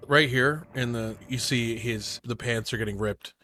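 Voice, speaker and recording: A man's voice: mid-range voice, unhurried, bright, forceful tone, a little hiss or hum. A man co-hosting a podcast, chatting casually and emphatically, swearing for effect. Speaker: podcast co-host. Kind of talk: casual chat.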